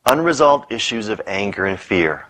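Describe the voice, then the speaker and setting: A middle-aged man giving a public lecture on stress, an animated storyteller who rattles off punchy lists and playful asides. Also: lowish voice, moderate pace, rough recording. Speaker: speaker on stress. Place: lecture hall with audience.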